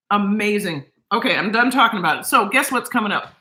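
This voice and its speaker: A woman's voice: medium pitch, animated, normal speed, bright, forceful tone, reverberant, low-quality recording. A woman talking casually to camera in her home kitchen, gushing and emotional as she eats. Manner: gushing and emotional, talks while eating. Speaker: cooking vlogger.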